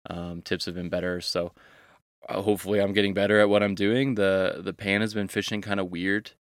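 A young man with a deep, smooth voice works through a story the way he talks off the clock, full of slang and loose asides. He is a fishing guide recording a podcast, and the sound is close and dry. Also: little pitch movement, brisk, no echo. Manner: laid-back, rambling with casual slang.

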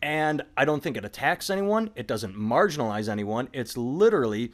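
Middle-aged male podcast host, rambling animated storyteller, casual comedy chat. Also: mid-range voice, moderate pace, few pauses. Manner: rambling, animated storytelling with sudden voiced impressions.

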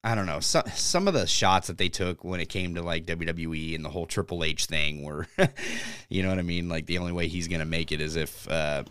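A man's voice: deep voice, fairly quick, fairly bright tone, smooth, no echo, studio quality. A man hosting a podcast, chatting casually with lots of fillers and offhand swearing. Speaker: podcast host. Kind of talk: casual wrestling chat.

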